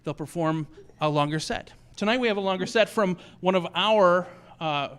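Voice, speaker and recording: A man's voice: sits high, normal speed, fairly bright tone, clean tone. A man hosting a virtual comedy show, chatty and rambling with many fillers as he introduces comics.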